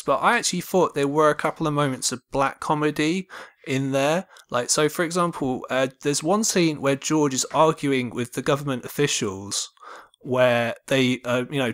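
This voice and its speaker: A man of middle pitch co-hosts a relaxed film review podcast. He talks in a thoughtful, meandering way, hedging with plenty of fillers as he weighs his points. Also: moderate pace. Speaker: podcast co-host. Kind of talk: casual film review chat.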